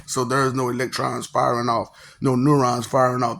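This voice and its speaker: Man, rambling monologue, laughs a lot, profane, loud then muttering. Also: medium pitch, steady tone, normal speed, creaky, slight background noise. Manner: makes mouth sound effects. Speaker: monologue host.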